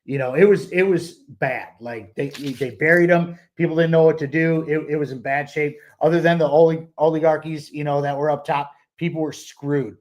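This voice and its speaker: A man's voice: fairly high pitch, fairly even intonation, moderate pace, hardly any pauses, a little mellow. A man co-hosting a book club podcast, talking in a loose, rambling way with many fillers and restarts. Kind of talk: casual podcast discussion.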